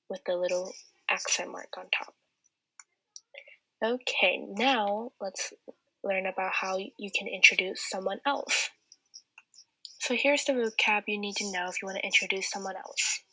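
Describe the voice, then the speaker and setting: A woman's voice: mid-range voice, sharp tone, breathy edge, no room sound, low-quality recording. A teenage girl giving a patient, step-by-step beginner language lesson as a student tutor. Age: teens. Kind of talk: slide-based language lesson.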